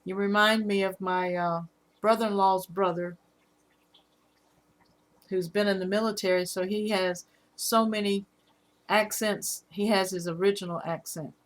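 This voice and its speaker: A middle-aged woman with a Southern accent, hosting a casual live stream about her fish, halting often with fillers. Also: medium pitch, fairly even intonation. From Alabama. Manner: rambling, halting with fillers, reads out chat comments.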